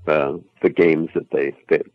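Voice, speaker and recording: A man, an actor being interviewed, chatting in a relaxed, rambling, self-deprecating way. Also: a bass voice, measured pace, dry recording, highs cut off. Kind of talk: casual interview chat.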